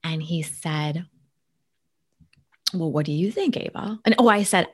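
A woman's voice: sits low, a little slow, long pauses, breathy edge. A woman telling a personal family story in casual conversation, earnest, sometimes dropping to a near-whisper. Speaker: guest sharing a family story.

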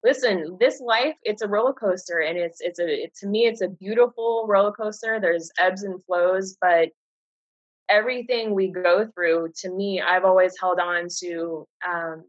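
An earnest woman in her thirties, openly telling her own story as a guest on a recorded conversation. Her voice is husky and a little breathy. The sound is dry and dull, like a lo-fi recording. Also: on the low side, moderate pace, no echo. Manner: earnest, open, animated when quoting others.

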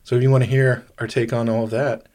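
A man's voice: mid-range voice, flat delivery, fast talker, a little mellow. A man co-hosting a podcast in casual chat, rambling and restarting his sentences often. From grew up overseas. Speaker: podcast co-host.

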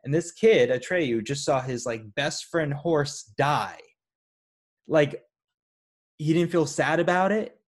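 Rambling, animated man chatting about a movie. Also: on the high side, takes it slowly, pauses often. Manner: animated, rambling, many fillers and restarts. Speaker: podcast co-host. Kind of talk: casual movie discussion.

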